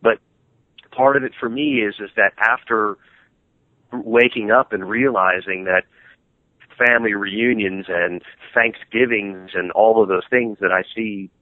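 Over a tinny, phone-like line with no echo, a middle-aged man speaks in a lowish voice. He's a guitarist in a band, appearing as an interview guest, and he rambles animatedly through the casual chat with many restarts.

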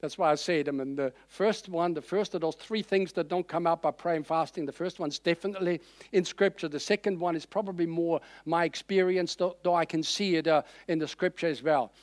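Guy preaching, chatty sermon, high voice, dry close sound. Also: a little fast, dry recording. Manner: conversational, animated, many fillers.

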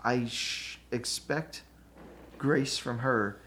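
A pastor in casual conversation, telling a candid, self-deprecating story with lots of fillers. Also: male voice, medium pitch, very slow, fairly bright tone.

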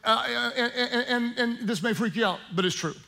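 A male pastor preaching a sermon in a conversational style with joking asides, slowing down for prayer. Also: extremely high pitch, vocal fry, sharp tone.

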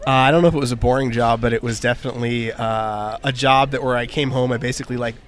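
A man hosts a podcast interview in a mid-pitched voice. He talks with easy enthusiasm, rambling through fillers and restarts as he chats. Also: steady tone, fast talker, a bit bright. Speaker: podcast host. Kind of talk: casual interview chat.

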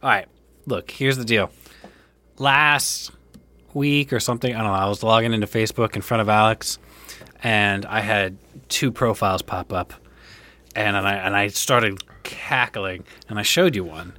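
A man's voice: fairly low pitch, moderate pace, sharp tone. A man co-hosting a comedy podcast, telling stories playfully. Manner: playful, storytelling, laughs along. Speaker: podcast co-host. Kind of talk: casual comedic podcast chat.

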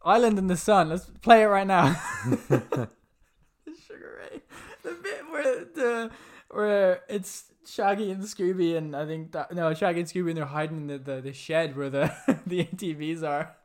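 A podcast co-host chatting casually about films, animated and often breaking into laughter while telling stories. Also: mid-range voice, moderate pace, hardly any pauses.

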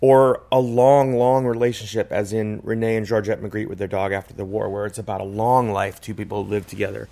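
A man's voice: lowish voice, flat delivery, fairly quick, gravelly, few pauses, mellow. A man in casual podcast chat, talking in a reflective, rambling way with many "like" and "you know" fillers. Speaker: podcast co-host.

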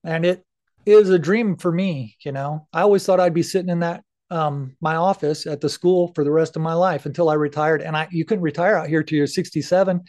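Middle-aged male guest, high voice, candid and earnest, casual cusser. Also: steady tone, fairly quick, darkish tone. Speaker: podcast guest. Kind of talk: casual interview talk.

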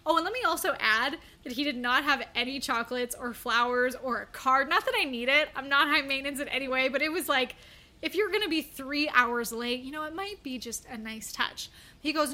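A woman's voice: sits high, a little fast, bright, forceful tone. A young woman coaching on content, telling a wry story to camera with frequent laughter. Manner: chatty and wry, laughing often.

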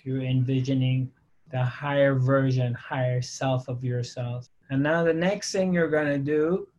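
A man's voice: medium pitch, fairly even intonation, measured pace, a little mellow, muffled recording. A man leading a guided spiritual reflection, asking the listener earnest rhetorical questions. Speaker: spiritual teacher.

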